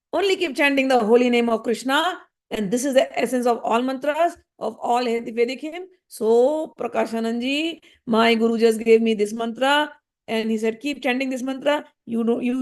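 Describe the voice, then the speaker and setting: Woman, devotional scripture teacher; bright, high voice; chants verses slowly, then explains them simply.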